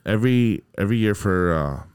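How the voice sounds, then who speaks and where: A man's voice: lowish voice, animated, a little fast, a little mellow, clear, resonant tone. A man in casual chat, eager and hesitant, with lots of fillers and restarts. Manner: hesitant and enthusiastic, full of fillers.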